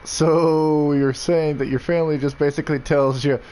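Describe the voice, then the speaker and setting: A young man chatting casually with friends, reacting with slow, rambling, hesitant remarks. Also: fairly high pitch, level tone, mellow, low-quality recording. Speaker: gamer in a friends' voice chat. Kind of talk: casual chat.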